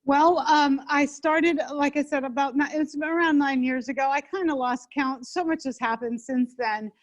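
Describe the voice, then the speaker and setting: Chatty high-voiced woman, dull recording. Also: fairly even intonation, normal speed. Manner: chatty, rambling with many restarts. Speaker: interview guest, home chef. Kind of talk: casual interview chat. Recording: dull lo-fi sound.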